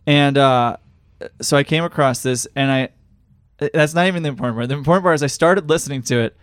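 A man hosting a casual podcast at an ordinary mid pitch, rambling and circling back on himself as he talks. His voice is recorded close and dry, with no room around it. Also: quick pace, clean tone, no room sound. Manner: rambling, hesitant, many restarts. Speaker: podcast host. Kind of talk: casual chat.

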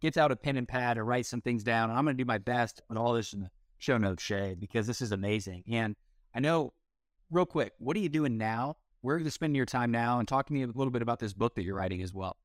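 A man's voice: medium pitch, fast talker, dry recording, clean studio sound. A man hosting a podcast, enthusiastically wrapping up and asking his guest a follow-up question. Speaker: podcast host. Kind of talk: casual interview.

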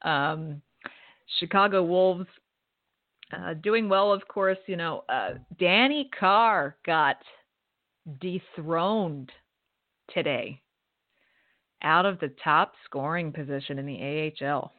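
A woman's voice: on the low side, slow, pauses often, dry recording. A woman co-hosting a hockey radio show, reading a sponsor spot and giving league news with dry, sardonic asides. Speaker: podcast co-host. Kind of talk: hockey radio talk and scripted sponsor read. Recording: tinny phone-line sound, dry.

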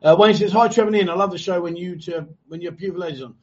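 Brief: bantering male stream host, slightly high voice, dull lo-fi sound. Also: fairly even intonation, very fast, a little mellow. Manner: joking, teasing, swears freely. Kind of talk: casual banter, reading viewer comments. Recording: dull lo-fi live stream audio.

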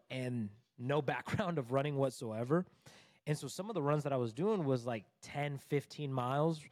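A man in his thirties, a coach, telling a personal story in a casual interview, animated and conversational with lots of "like" and "bro". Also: medium pitch, no room sound, clean studio sound. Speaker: divorce recovery coach, podcast guest.

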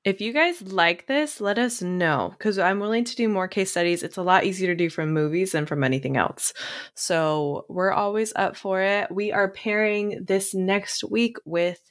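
A woman's voice: mid-range voice, normal speed. A woman counselor co-hosting a podcast, talking casually and reassuringly and laughing often. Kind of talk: casual chat.

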